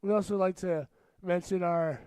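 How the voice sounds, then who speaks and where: Young guy doing casual rugby commentary, jokey and chatty, smooth clear voice, dry close sound. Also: high voice, fairly even intonation, moderate pace, dry recording. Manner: jokey, chatty, bursts into shouts at big plays. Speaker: match commentator.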